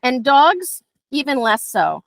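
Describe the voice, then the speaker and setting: A woman's voice: high voice, takes it slowly, vocal fry, no echo. A middle-aged woman, teaching a dog training class in a casual, chatty way, often acting out what her dogs think. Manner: chatty, acts out her dogs' thoughts in lively voices.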